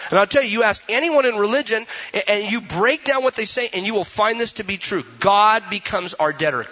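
A man's voice: sits high, pushed and bright, husky, lo-fi sound. A man preaching a sermon as pastor, emphatic and full of rhetorical questions.

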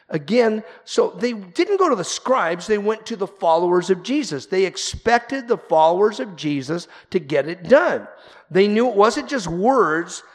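A male pastor preaching a sermon in an animated way, swinging from quiet asides to loud, emphatic points. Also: high voice. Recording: long hall reverb.

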